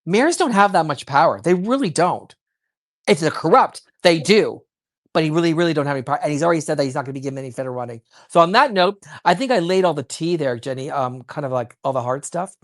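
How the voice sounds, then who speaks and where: A woman giving heated, rapid political commentary, worked up and emphatic, with frequent restarts. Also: low-pitched, animated. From child of immigrants.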